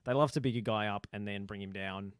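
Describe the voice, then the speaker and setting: Male co-host, analytical and measured, dry recording. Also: lowish voice, clear, resonant tone, dry recording. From Australia. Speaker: podcast co-host. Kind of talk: casual chat.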